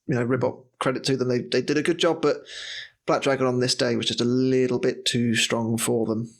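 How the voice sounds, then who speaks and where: A man hosting a podcast in casual chat, animated and laughing as he talks. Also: medium pitch, a little fast, creaky. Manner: animated, laughs while talking. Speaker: podcast host.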